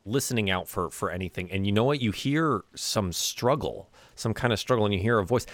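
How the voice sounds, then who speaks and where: A man narrating as game master of a tabletop game, telling the scene in a lively storytelling way with fillers and restarts. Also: on the low side, fairly quick, hardly any pauses, no echo.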